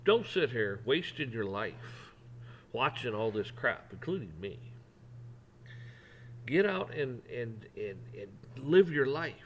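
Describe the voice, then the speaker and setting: A man's voice: medium pitch, very animated, slow, a little hiss or hum, poor audio. A man ranting on a vlog in a folksy, rambling, blunt way. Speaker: vlogger. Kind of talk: opinion rant.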